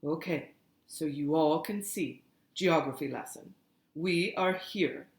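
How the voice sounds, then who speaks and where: Audiobook: woman reading a brisk caretaker woman, teacherly, low voice, roomy echo. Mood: coaxing. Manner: coaxing, organizing, teacherly. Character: brisk, practical adult female caretaker. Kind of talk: audiobook character voice. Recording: roomy echoey recording.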